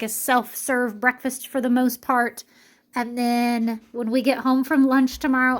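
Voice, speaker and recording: A middle-aged woman vlogging about her family's meals in a casual, chatty way, with lots of ums and uhs. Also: a little high. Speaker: homesteading mom vlogger. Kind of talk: casual vlog narration.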